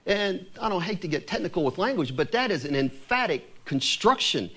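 A man's voice: high voice, very animated, normal speed, pushed and bright, husky. A man preaching a sermon who reads scripture aloud and asks his listeners questions.

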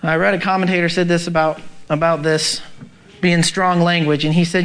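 A man's voice: fairly high pitch, level tone, moderate pace, a bit bright, smooth. A male pastor preaching a sermon, urgent and emphatic, asking the congregation rhetorical questions.

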